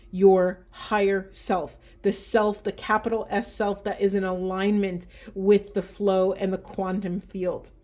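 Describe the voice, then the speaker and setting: Mellow-voiced woman giving an oracle reading. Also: mid-range voice. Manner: earnest, impassioned, urging. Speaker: spiritual tarot reader. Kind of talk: oracle card reading to camera.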